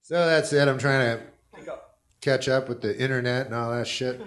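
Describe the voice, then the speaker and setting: Holding a handheld mic on a club stage, a man does deadpan stand-up, drifting through folksy asides as the crowd laughs. The pitch is medium and the speed normal.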